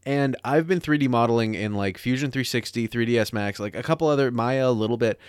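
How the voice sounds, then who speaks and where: A man's voice: medium pitch, fast talker, clean tone, no room sound, clean studio sound. A man co-hosting a podcast, talking enthusiastically and profanely in rambling tangents. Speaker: podcast co-host. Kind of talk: casual podcast banter.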